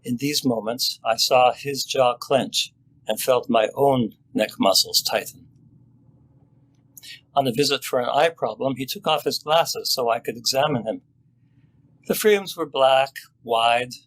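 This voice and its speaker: An older man, a family doctor, reading his own story aloud in a measured, sober and reflective way. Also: mid-range voice, fairly bright tone, husky, poor audio.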